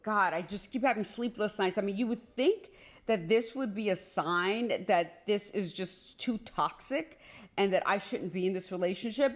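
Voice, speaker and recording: A woman's voice: medium pitch, moderate pace. A woman telling her own relationship story in a casual storytime, acting out the quoted lines. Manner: animated, acts out quoted dialogue.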